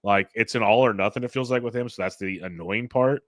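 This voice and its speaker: A man hosting a fantasy baseball podcast, running through his picks in a relaxed, rambling way. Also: fairly low pitch, brisk, no room sound, clean studio sound. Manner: relaxed, rambling stat rundown. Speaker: podcast host. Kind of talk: casual fantasy baseball chat.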